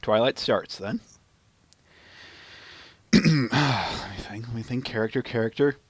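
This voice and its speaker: A man's voice: medium pitch, unhurried, no room sound. A man hosting a casual podcast chat, searching for words as he talks. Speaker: podcast host.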